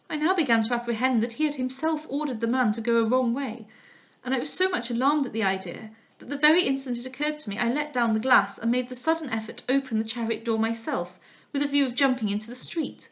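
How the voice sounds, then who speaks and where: Female audiobook narrator, slightly high, measured and expressive. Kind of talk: reading a classic novel aloud.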